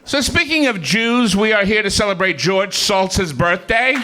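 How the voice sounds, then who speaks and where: A man's voice: high-pitched, animated, unhurried, background noise. A man doing a stand-up comedy set on a comedy club stage, telling self-mocking jokes and chuckling through his punchlines.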